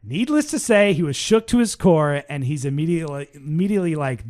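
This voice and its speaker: A man's voice: fairly high pitch, a little fast. A man co-hosting a podcast, telling a true crime story in casual chat, acting out the people in it and often adding "like" and "right?". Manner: animated, acts out quoted voices, frequent "like" and "right?". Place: podcast recording.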